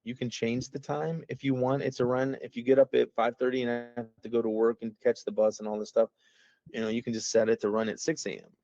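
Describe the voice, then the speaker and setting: Over a video call, a man who founded an app walks through it in a casual, rambling, folksy way, cutting himself off as he goes. His mid-range voice is flat, fast and a little mellow, on dull audio with no echo.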